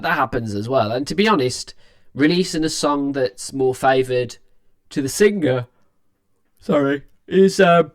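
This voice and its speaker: A tired young man talks through his reaction to a song in a loose, rambling way. He stops and restarts often, keeping things casual and friendly as the channel's host. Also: medium pitch. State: tired, yawning.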